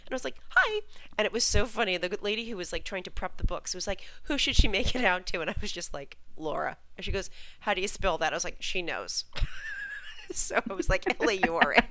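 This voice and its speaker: On a rough recording with some hiss or hum, a fan website host speaks quickly in a lowish female voice. Her casual podcast storytelling is lively, and she slips into the voices of each person she quotes.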